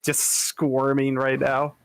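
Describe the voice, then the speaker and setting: A man's voice: medium pitch, completely flat delivery, slow, smooth. A man playing a tabletop game, talking in a playful, scheming way. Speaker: player.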